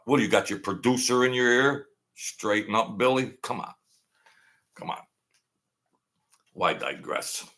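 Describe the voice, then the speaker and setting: A man telling stories in a rambling, animated way, often repeating himself and acting out quoted voices. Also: mid-range voice. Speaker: host telling stories from mob life. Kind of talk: casual storytelling monologue. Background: lawnmower outside.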